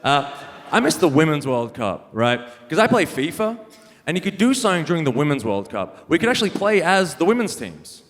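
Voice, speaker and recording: Lively young male stand-up comedian, live stage. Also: a little high, a little fast. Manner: punchy, wry, self-mocking delivery with frequent laughs. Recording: live venue reverb with faint noise.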